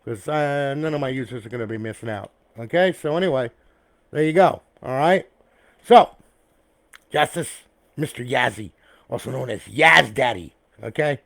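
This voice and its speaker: Rambling, chummy console builder, dry close sound. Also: male voice, medium pitch, expressive, normal speed, creaky, a bit bright, no echo. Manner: rambling, checks in with "okay?" and "all right?" after nearly every point; blunt and profane, chummy with his viewers. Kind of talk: casual talk to camera about a finished build. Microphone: external mic, replacing the camera's built-in one.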